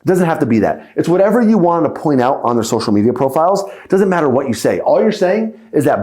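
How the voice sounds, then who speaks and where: Lively, animated male sales coach. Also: on the high side, fast, echoey room. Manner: coaching, peppered with "right?" and "okay?"; acts out sample call lines. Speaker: sales trainer. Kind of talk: podcast sales lesson.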